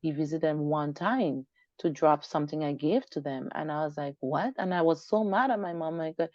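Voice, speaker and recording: A woman speaking as a guest in a personal storytelling interview, her pitch sitting a little low. She tells her story in an animated way and plays out the voices in the conversations she recounts. The recording is dry, dull and lo-fi. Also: normal speed, no echo. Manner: animated, acts out quoted dialogue.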